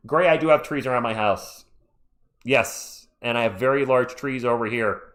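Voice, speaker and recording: A man doing live fan play-by-play from home on his own mic, excitable and chatty, breaking off to talk to his chat. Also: mid-range voice, moderate pace, slight background noise. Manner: excitable, chatty, jumps between game calls and asides to chat. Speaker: livestream play-by-play commentator. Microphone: own microphone.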